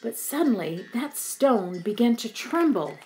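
A woman reading a children's storybook aloud in an expressive, unhurried way. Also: on the high side, faint music behind, low-quality recording. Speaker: storybook reader.

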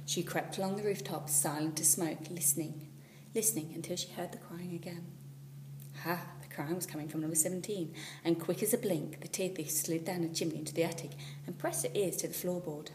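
A woman teacher reading a children's storybook aloud, expressive and at times dropping to a whisper. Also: lowish voice, brisk. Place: school classroom. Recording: echoey room, far from the mic, faint hum.

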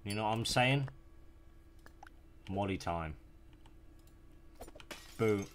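Brash, deep-voiced young man gaming. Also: very slow, a little hiss or hum. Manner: brash and profane, taunting game enemies. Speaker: gaming YouTuber. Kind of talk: casual gameplay commentary. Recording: music playing behind the voice.

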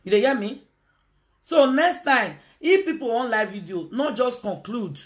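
A woman's voice: a little high, measured pace. A Nigerian woman hosting a casual live video, talking to her viewers and slipping into Pidgin. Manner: animated, switches into Pidgin, calls out to viewers. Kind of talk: casual live-stream talk.

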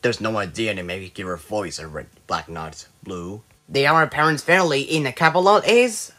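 A man voicing an excitable cartoon character who bickers with a witch in an animated, squabbling way. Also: fairly low pitch, moderate pace. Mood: bickering. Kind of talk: cartoon voice acting.

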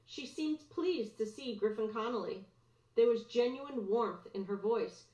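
Teacher reading a chapter aloud. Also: female voice, on the high side, unhurried, dark tone. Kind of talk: read-aloud storybook narration. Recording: roomy, dull lo-fi recording.

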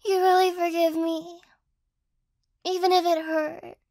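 A woman voicing a sleepy, apologetic cat-girl girlfriend in a whispered role-play, speaking softly and hesitantly close to the mic. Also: extremely high pitch, level tone, unhurried, no echo. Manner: soft, gentle, hesitant and apologetic. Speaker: ASMR role-play artist.

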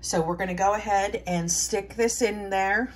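A woman hosting a home preparedness channel, walking through a hands-on demonstration in a relaxed, chatty way, thinking aloud with fillers and restarts. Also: mid-range voice, normal speed, slight background noise. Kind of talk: casual how-to demonstration.

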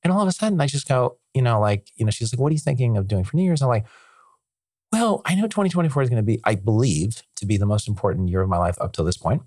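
A man chatting as a podcast guest, excited and rambling, with lots of filler words and restarts. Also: mid-range voice, quick pace, dry recording. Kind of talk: casual conversational interview.

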